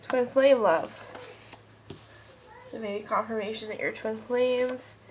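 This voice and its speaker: Her nose stuffed up and sniffly, a tarot card reader talks directly to viewers in a chatty, rambling pick-a-card reading from home, where kids and a puppy are close by. Her voice is fairly high and steady, she takes it slowly, and the poor audio carries a little hiss or hum.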